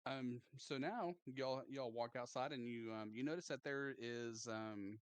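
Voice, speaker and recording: A man narrating as game master in casual, halting speech with lots of fillers. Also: mid-range voice, clear, resonant tone, no echo.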